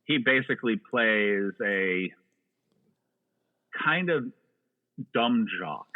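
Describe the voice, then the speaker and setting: As a podcast guest, a man chats casually about movies, rambling and joking with frequent restarts. His voice is on the low side, expressive, and extremely slow, heard over a tinny, phone-like line.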